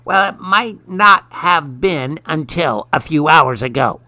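A man's voice: a little high, lively intonation, slow, dry recording, voice pushed up, full character voice. A man putting on a snappish witch's voice. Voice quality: sharp and snippy. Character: tall woman in a witch costume, snappish.

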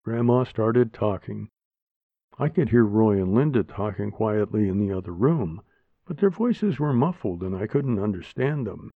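A man narrating a story aloud in a slow, plain manner. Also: lowish voice, animated, dry recording. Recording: dry, tinny phone-like sound.

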